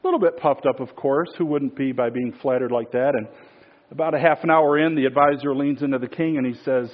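A man's voice: mid-range voice, a little fast, muffled recording. A man preaching a sermon in a casual storytelling way, with many fillers and restarts.

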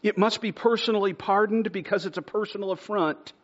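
A man in the pulpit preaching with earnest conviction, his voice sitting a little on the high side. He swells to near-shouts and sinks to soft, hushed emphasis. The recording is dull and lo-fi. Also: brisk. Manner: earnest preaching, swells louder to a near-shout at points, drops to a hush on key words. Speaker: pastor. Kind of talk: sermon.

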